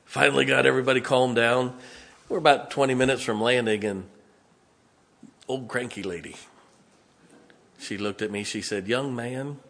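Older guy preaching, bright forceful tone, folksy story that swells into fired-up sermon. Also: medium pitch, steady tone, normal speed, gravelly, long pauses. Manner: hushed retelling, then fervent and rising.

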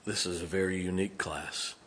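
A man in his fifties, a pastor preaching a sermon, telling a personal story and dropping to a hushed, emotional tone. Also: low-pitched, fairly even intonation, fairly quick, slight background noise.

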